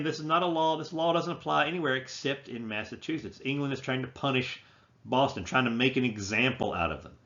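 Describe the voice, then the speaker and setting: A man's voice: medium pitch, sharp tone. Man giving a history lecture. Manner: unscripted, many restarts and "uh" fillers. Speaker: history teacher. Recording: slightly dull lo-fi recording.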